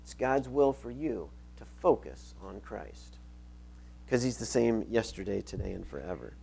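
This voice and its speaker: Gravelly-voiced pastor preaching earnestly. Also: male voice, lowish voice, animated, a little slow, mellow, slight background noise. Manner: earnest, repeats key phrases for emphasis, reads scripture aloud. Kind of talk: sermon.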